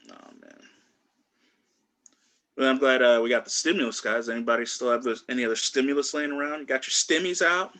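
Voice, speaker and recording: Male stand-up comic with a bright, forward tone, rambling and full of fillers, on a video call. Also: medium pitch, fast, few pauses. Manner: loose, rambling delivery with many fillers and restarts. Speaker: stand-up comedian.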